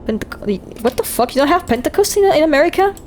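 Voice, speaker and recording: A woman's voice: sits high, lively intonation, fast, a little hiss or hum. Woman, streamer, casual chatty delivery, swears freely, reads game text aloud. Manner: swears freely, rambling and incredulous.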